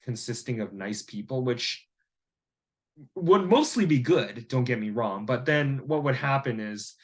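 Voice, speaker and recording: A man's voice: medium pitch, expressive, a little slow. A man speaking in a casual monologue, rambling through a story with lots of "like" and "you know.". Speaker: vlogger and landlord.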